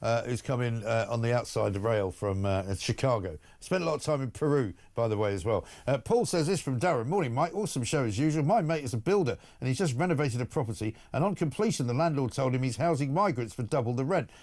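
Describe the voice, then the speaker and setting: A man's voice: medium pitch, lively intonation, quick pace, hardly any pauses, darkish tone. A male morning talk-show host who reads out listener messages and gives blunt, indignant opinions.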